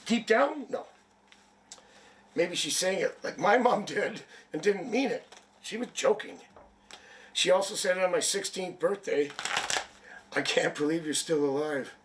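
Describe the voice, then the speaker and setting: A man's voice: high voice, expressive, unhurried, pauses often, recorded from a distance, slight background noise. Chatty, rambling man reading tarot live. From Canada. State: sniffly with a headache. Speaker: tarot reader. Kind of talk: live-stream chat.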